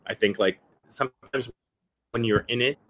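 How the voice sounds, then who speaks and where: A man's voice: mid-range voice, moderate pace, a bit bright, a little hiss or hum. A man chatting casually as a podcast guest, talking with animation and mimicking the people he describes. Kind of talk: casual chat. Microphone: video call.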